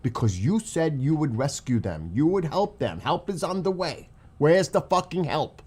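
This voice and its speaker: Furious man ranting with swinging pitch. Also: big pitch swings, moderate pace, a little mellow, breathy edge. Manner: furious, profane, repeats himself for emphasis. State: upset and livid. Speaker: commentary channel host. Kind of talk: angry political rant to camera.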